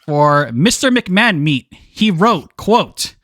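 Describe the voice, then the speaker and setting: Man, raised pitch, hosting a relaxed game club chat; joking, quick to laugh, dry mic. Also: no echo. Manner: laughs often, joking, restarts words. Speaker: podcast host. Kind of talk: casual group discussion.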